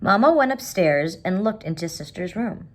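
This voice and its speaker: A woman reads a picture book aloud to children in a somewhat low voice. She takes her time and adds chatty little asides for her young listeners. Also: lively intonation, normal speed. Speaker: storyteller.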